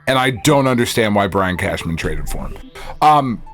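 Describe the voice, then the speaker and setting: A man's voice: on the low side, very animated, moderate pace, a bit bright, soft background music. A man co-hosting a podcast in casual chat, ranting and swearing with sarcastic asides. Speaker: podcast co-host.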